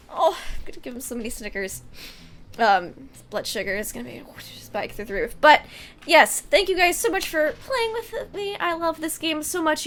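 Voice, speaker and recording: A woman hosting a tabletop game stream, chatting excitedly and gushing with laughter. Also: fairly high pitch, slight background noise. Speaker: host and tabletop game player. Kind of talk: casual wrap-up chat.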